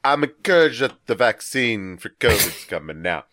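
A man's voice: lowish voice, big pitch swings, normal speed, pushed and bright, no room sound. A man co-hosting a podcast, reading listener messages playfully and goofing around. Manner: playful, goofs around with voices. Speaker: podcast co-host.

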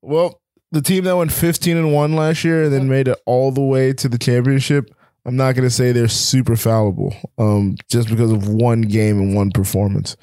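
A man co-hosting a sports podcast, steering the topics and pushing back on his partner with a teasing edge. His voice has a plain middle pitch. The recording is close and dry. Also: steady tone, moderate pace, warm tone, no echo. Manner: argumentative, teasing, sighing. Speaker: co-host. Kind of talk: casual sports podcast chat.

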